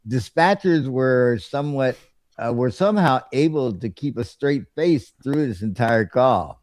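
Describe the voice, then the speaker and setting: A man's voice: mid-range voice, expressive, a little slow, a little mellow. An older man co-hosting a podcast in easygoing casual chat, full of fillers. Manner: easygoing, filler-heavy talk with chuckles. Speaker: podcast co-host.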